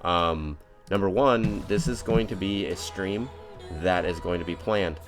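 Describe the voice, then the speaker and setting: An American man with a very low voice chats unhurriedly during a live game stream, rambling off topic and laughing cheerfully at his own clumsiness. His mood stays relaxed and upbeat, self-mocking throughout, with faint music playing softly in the background.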